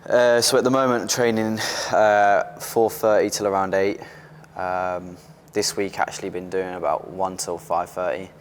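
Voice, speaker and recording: Deep-voiced young man, openly animated. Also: moderate pace, few pauses, slight background noise. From Britain. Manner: open and animated, restarts often. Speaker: interview guest, athlete. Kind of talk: casual interview chat.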